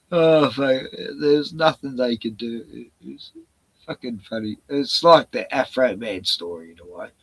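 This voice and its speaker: A man's voice: medium pitch, fairly bright tone, no room sound, rough recording. A man chatting on a live stream in a rambling, profane rant full of sarcastic jokes, short on sleep. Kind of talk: casual ranting chat.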